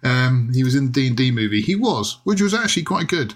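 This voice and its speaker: A man with an English accent hosting a casual podcast chat, chatty, laughing often and filling pauses with many ums. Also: medium pitch, sing-song. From England. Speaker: podcast host.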